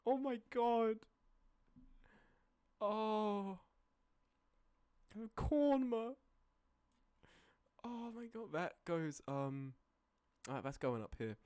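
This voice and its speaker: A streamer casually ranking images, often breaking into high laughing fits and then dropping into low, sweary mutters. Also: lively intonation, drawn-out words, pauses often, a little mellow, clean tone, no echo. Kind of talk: casual live-stream commentary.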